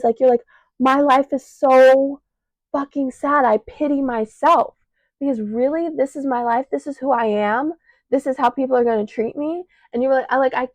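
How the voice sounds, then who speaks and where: A woman's voice: a little high, vocal fry, a little mellow, dry recording, rough recording. A teenage girl with a Chicago accent venting through a raw, emotional monologue, short of breath and choked up, swearing, recorded on a clip-on mic on her shirt. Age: teens. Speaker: podcast host. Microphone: clip-on mic attached to shirt.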